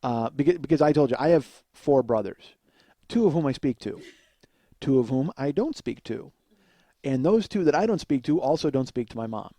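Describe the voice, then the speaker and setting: A man's voice: medium pitch, animated, moderate pace, warm tone, no echo. A man in his forties telling stories in a comedic monologue, rambling with frequent fillers and chuckling as he goes. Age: 40s. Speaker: podcast host.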